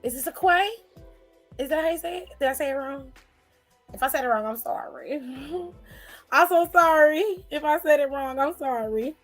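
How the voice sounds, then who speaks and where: A woman's voice: sits high, normal speed, faint music behind. A woman hosting a casual live stream, chatting and reading viewer comments in a playful, familiar way. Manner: chatty and playful, calls viewers honey and child.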